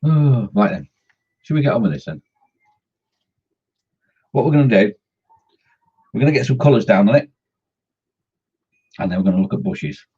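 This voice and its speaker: A man's voice: fairly low pitch, lively intonation, normal speed, pauses often, warm tone, breathy edge, highs cut off. A man chatting casually on a scale-modelling live stream, greeting viewers by name and joking as he works.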